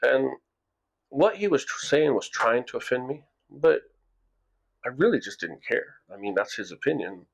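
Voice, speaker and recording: A man's voice: medium pitch, expressive, normal speed, gravelly. A middle-aged man from the United States, telling a rambling story to camera in a casual vlog, often repeating words as he goes. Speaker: vlogger. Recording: dull lo-fi recording.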